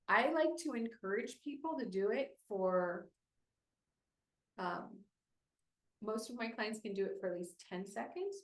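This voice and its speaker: A woman's voice: mid-range voice, a bit bright, reverberant, low-quality recording. Encouraging woman speech therapist coaching a class. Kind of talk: leading voice exercises in a class.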